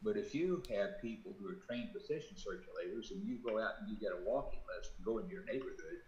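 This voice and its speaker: A man with a fairly low voice talks politics in a loose, rambling way, full of "uh"s and restarts. He sounds roomy and dull, like lo-fi video call audio. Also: animated, fast, darkish tone. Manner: rambling, many fillers and restarts. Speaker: independent congressional candidate. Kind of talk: casual political discussion.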